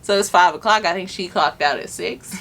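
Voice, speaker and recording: A woman's voice: lowish voice, normal speed, a bit bright. A young woman vlogger telling a personal story in a casual, chatty way, earnest and emotional, filling her talk with "like". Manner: chatty, filler-heavy with lots of "like". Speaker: vlogger and mother.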